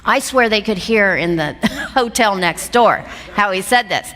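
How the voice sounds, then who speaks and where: A woman telling a personal story to an audience, lively and acting out the voices of others. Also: medium pitch, measured pace. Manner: lively storytelling, acts out voices, laughs often. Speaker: speaker telling her career story. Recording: long hall reverb.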